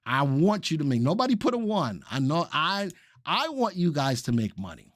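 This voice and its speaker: A man hosting a live stock analysis webinar, excited and repeating phrases for emphasis while he talks to chat viewers. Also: a little high, normal speed. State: excited and sweating. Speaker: stock market webinar host.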